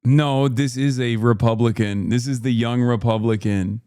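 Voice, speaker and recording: A man's voice: mid-range voice, fairly even intonation, normal speed, dark tone, clear, resonant tone, no echo, clean studio sound. Blunt slangy man reacting to a clip. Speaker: streamer reacting to a debate clip. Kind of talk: casual reaction commentary.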